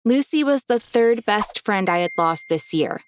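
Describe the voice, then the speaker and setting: A woman's voice: mid-range voice, expressive, normal speed, over music. A woman narrating a first-person storytime in a chatty way.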